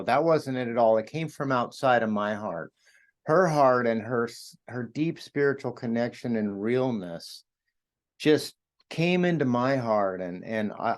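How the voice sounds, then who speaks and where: A middle-aged man in a podcast interview, telling his own story in an earnest, reflective way with frequent fillers and restarts. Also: mid-range voice. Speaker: podcast host and author sharing his recovery story.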